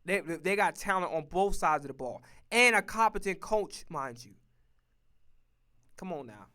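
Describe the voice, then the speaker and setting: Man, high voice, bright tone, emphatic profane football rant, casual streamer. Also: animated, unhurried. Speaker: streamer and sports commentator. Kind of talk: casual sports opinion rant.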